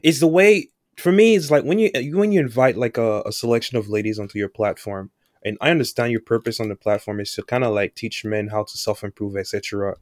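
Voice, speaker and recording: A man's voice: on the low side, fast talker, darkish tone, dry recording, studio quality. A man co-hosting a podcast, speaking in casual chat and often chiming in with short reactions. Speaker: podcast co-host.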